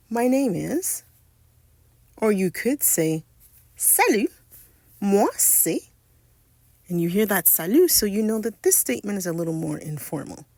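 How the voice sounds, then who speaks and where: A woman teaching French phrases in a scripted lesson narration, speaking slowly and carefully and stressing each French word. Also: medium pitch, a little mellow, dry recording, studio quality. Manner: slow, careful, spells out and stresses French words.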